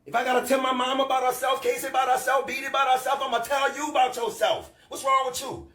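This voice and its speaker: A man on a live stream delivering a loud, profane rant, scolding and repeating himself for emphasis. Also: extremely high pitch, level tone, quick pace, hardly any pauses, roomy sound.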